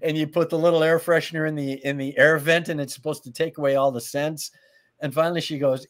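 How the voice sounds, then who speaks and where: A man with a fairly high voice spins comic anecdotes as a talk-show guest. He laughs through his stories and drops into acted lines. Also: little pitch movement, quick pace. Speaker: guest, comedy writer. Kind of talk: animated anecdotal storytelling.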